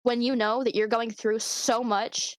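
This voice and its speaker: A woman's voice: fairly high pitch, level tone, unhurried, no echo. A young woman co-hosting a podcast, talking openly and at length in a rambling, candid way, with frequent swearing. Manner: open, rambling, emotional confiding with frequent swearing. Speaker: podcast co-host. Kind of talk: casual chat.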